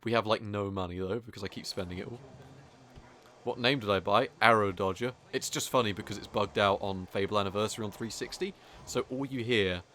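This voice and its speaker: While speedrunning a game, this man gives laid-back, mocking commentary, ribbing other players, swearing casually, and leaning on lots of fillers. His voice is fairly low, a little fast, and fairly bright, with slight background noise.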